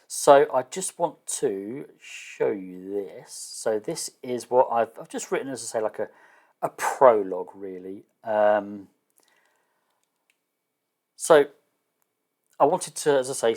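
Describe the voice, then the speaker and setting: A man explaining his solo tabletop game setup in a casual, hesitant way, often pausing with fillers and restarting sentences, and unsure of some terms. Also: fairly low pitch, darkish tone. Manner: self-deprecating, unsure of terms. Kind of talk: casual thinking-aloud explanation.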